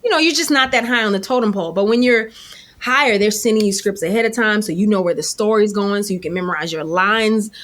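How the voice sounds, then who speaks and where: A middle-aged actress being interviewed, telling lively anecdotes and acting out quotes from others. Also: female voice, medium pitch, fast talker. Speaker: actress guest. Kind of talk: animated storytelling.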